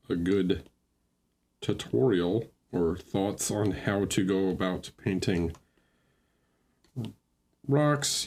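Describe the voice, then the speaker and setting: A man giving relaxed, think-aloud feedback on miniature painting during a livestream, chatting with viewers as he goes. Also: lowish voice. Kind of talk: casual livestream critique.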